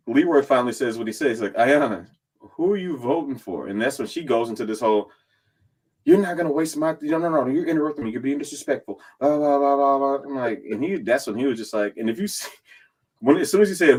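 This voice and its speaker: A man sits in as a podcast guest and tells a behind-the-scenes story, loose and animated. He swears often and slips into the voices of the people he quotes. His pitch sits in the middle range for a man. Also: a little fast, husky. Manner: animated and profane, acting out others' lines in quotes. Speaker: reality competition contestant and guest. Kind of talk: casual storytelling recap.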